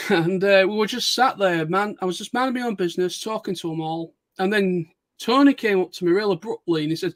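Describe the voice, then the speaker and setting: Male streamer, high voice, loose rambling chat, lots of restarts. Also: brisk, hardly any pauses, dry recording, studio quality. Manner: rambling, laughing storyteller with frequent restarts. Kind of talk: casual chat.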